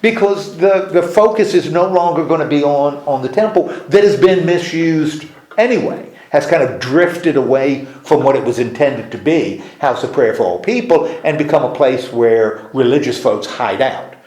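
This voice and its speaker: A man's voice: on the high side, normal speed, a little mellow. Man teaching a Bible study, roomy sound. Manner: explains at length with many restarts and asks the group questions. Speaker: pastor leading a Bible study. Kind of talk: informal teaching discussion. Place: church meeting room. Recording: echoey room.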